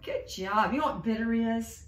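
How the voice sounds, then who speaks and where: A woman reading teacher tutoring one-on-one, explaining slowly and clearly and encouraging her student. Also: on the high side, lively intonation. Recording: echoey room.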